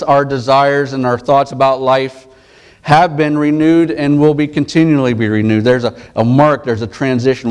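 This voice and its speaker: A man preaching a sermon, retelling a story in a relaxed, conversational way with frequent restarts. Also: mid-range voice, smooth. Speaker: pastor.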